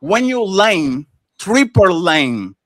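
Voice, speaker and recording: Brief: high, bright male panel host, emphatic and animated, dry close mic. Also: extremely slow, dry recording. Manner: animated, emphatic, breaks into mocking impressions. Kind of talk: casual opinion talk. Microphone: streaming microphone.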